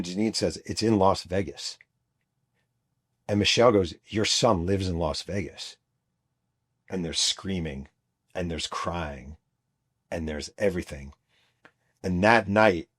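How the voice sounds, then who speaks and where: A middle-aged man hosting his own show, telling a story in an emphatic monologue that acts out the people he quotes. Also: deep voice. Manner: emphatic, re-enacts quoted voices. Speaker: host, author and journalist.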